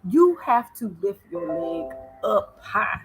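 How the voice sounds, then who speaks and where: A woman's voice: mid-range voice, very animated, takes it slowly, soft background music, rough recording. An American woman giving casual advice in a vlog, chatty and repetitive, laughing easily. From United States. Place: living abroad in East Africa.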